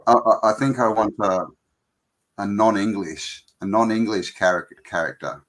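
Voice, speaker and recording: A man from Australia hosts a relaxed live stream over a video call, speaking in a low voice. He jokes, teases his guest and laughs often. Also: normal speed. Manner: joking, teasing, laughs often. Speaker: host. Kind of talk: casual live-stream chat.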